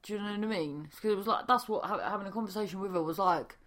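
A woman's voice: medium pitch, fast, fairly bright tone. A young woman, a stand-up comedian, telling a rambling casual story with swearing and many restarts.

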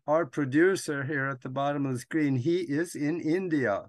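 A man's voice: a little high, normal speed, no room sound, studio quality. A man hosting an interview show, speaking straight to the audience as he sets up a guest segment. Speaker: host.

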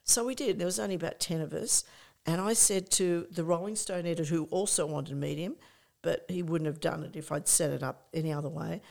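An older woman, a guest on an interview show, telling anecdotes in a lively, rambling way, restarting sentences and acting out what people said. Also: lowish voice, a little fast, gravelly. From Australia. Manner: animated anecdote-telling, many restarts, acts out quoted people. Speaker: interview guest, music promoter. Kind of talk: casual storytelling chat.

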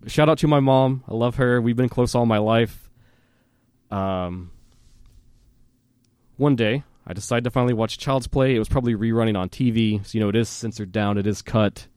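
A man hosting a casual podcast, caught up in telling a childhood story. He talks at a middling pitch with a dry, close sound, and fillers and little laughs run through his telling. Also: normal speed, a little mellow, clear, resonant tone, no room sound. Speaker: podcast host.

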